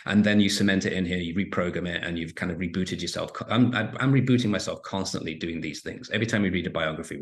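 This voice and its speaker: Podcast guest: middle-aged man, very deep voice, lively anecdotal delivery with frequent restarts. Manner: animated storytelling with frequent restarts. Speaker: interview guest, entrepreneur and author. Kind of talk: casual podcast interview.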